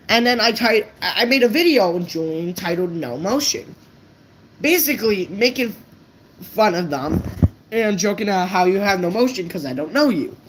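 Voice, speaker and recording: A woman's voice: mid-range voice, lively intonation, moderate pace, husky, rough recording. A woman vlogger ranting unscripted to her viewers, blunt and profane, stumbling over her words. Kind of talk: unscripted rant to camera.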